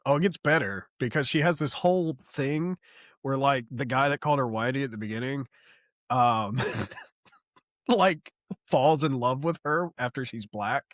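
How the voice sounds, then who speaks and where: A man's voice: mid-range voice, measured pace, no room sound, studio quality. A man co-hosting a comic book podcast in casual chat, rambling, laughing often and swearing freely. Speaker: podcast co-host.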